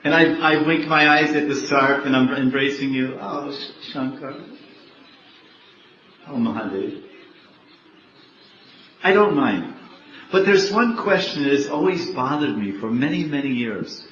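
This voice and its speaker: A devoted goddess wife, played by a man who speaks softly and coaxingly and keeps hesitating over a question she has long wanted to ask. Her voice sounds muffled and dull. It echoes around the room. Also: medium pitch, lively intonation, moderate pace, slight background noise, close to an everyday voice. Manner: soft, hesitant, teasing questions.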